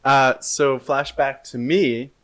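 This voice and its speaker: Man with deadpan comic delivery. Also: mid-range voice, slow pace. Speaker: podcast co-host. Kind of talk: improvised comedy storytelling.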